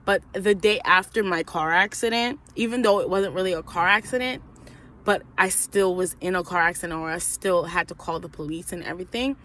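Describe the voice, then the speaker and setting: Young woman, casual storytime vlogger: profane, animated venting, acts out the voices in her story. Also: lowish voice, a little fast.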